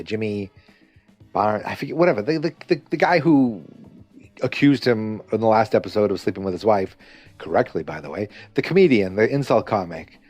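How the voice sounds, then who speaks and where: A man's voice: lowish voice, darkish tone, no echo. A man hosting a podcast, recapping a TV episode in a casual, rambling way with many fillers and restarts, briefly acting out characters' lines. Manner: acts out characters' lines in quick asides. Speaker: podcast host.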